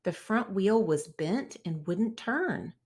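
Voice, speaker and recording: A woman's voice: mid-range voice, lively intonation, takes it slowly, a little mellow, husky. A woman reading a children's picture book aloud, narrating expressively and voicing the characters. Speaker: storybook read-aloud narrator.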